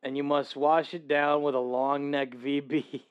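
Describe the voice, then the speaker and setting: A man's voice: fairly high pitch, level tone, measured pace, clean tone, muffled recording. A man streaming casually for his viewers, rambling, correcting himself and laughing as he reacts to a video.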